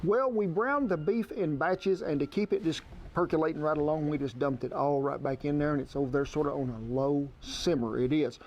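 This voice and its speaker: A man's voice: fairly high pitch, fairly quick, darkish tone, lo-fi sound, faint music behind. A man giving a cooking demonstration outdoors at a grill in a folksy, homespun way. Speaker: outdoor cook.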